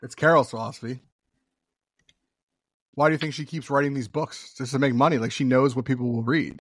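A man's voice: medium pitch, fairly even intonation, dry recording. A man with a mid-range voice hosts a podcast discussion, checking in with guests and reacting readily. His voice sounds close and dry, with little room around it. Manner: moderating, quick reactions, laughs easily. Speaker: podcast host. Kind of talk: casual chat.

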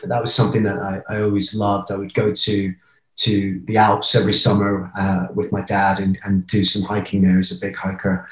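English man with deep, roomy voice. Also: level tone, moderate pace, a bit bright. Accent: southern English with American r. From England. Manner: laughs often, self-deprecating, reflective. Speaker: travel writer guest. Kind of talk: casual interview. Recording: roomy echo.

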